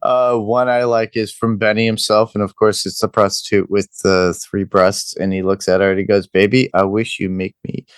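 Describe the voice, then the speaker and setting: Podcast host, man, low voice, easygoing, lots of "uh", dry close mic. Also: moderate pace, hardly any pauses, smooth, no room sound. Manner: relaxed, many "uh" fillers, thinking aloud. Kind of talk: casual podcast movie chat.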